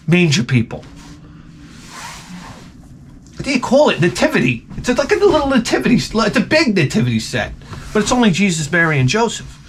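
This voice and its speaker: A man's voice: high voice, fairly bright tone, a little hiss or hum. A man vlogging with the flu, telling a comedic story in an exasperated, rambling, profane way. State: sick with the flu.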